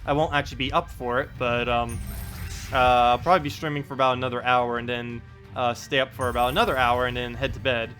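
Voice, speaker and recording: A man's voice: medium pitch, little pitch movement, fast talker, a bit bright, faint music behind. A man live-streaming a game in casual chat, reading out viewers' messages and laughing often as he talks. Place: home in South Carolina.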